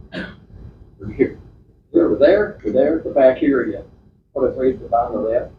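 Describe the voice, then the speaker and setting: A club presenter with a mid-range voice rambles through a casual slide talk in a meeting room, stopping and restarting and leaning on fillers. There's a little hiss or hum, and the audio comes across as echoey, distant, and dull.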